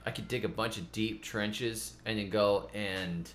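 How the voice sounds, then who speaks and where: A man's voice: lowish voice, fairly even intonation, unhurried, fairly bright tone, a little hiss or hum. A middle-aged man hosting a gardening channel, chatting loosely in a rambling, self-mocking way and often repeating his words. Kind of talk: casual rambling vlog chat.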